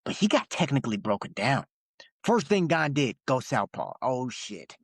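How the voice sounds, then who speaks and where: A man's voice: medium pitch, sing-song, normal speed, gravelly, breathy edge, dry recording, clean studio sound. A young man co-hosting a casual podcast, talking loosely with slang and frequent laughs. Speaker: podcast co-host. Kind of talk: casual chat.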